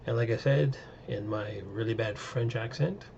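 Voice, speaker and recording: A man's voice: mid-range voice, moderate pace, creaky, darkish tone, muffled recording, slight background noise. A man in a casual solo video review, talking in a chatty, rambling way with lots of fillers and asides, recorded on a webcam microphone at home.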